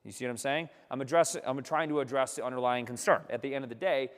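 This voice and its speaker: A man's voice: medium pitch, fast, in a large hall. A man teaching a live business workshop, coaching energetically and checking in with "okay?" after nearly every sentence. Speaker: workshop instructor. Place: seminar room with remote attendees.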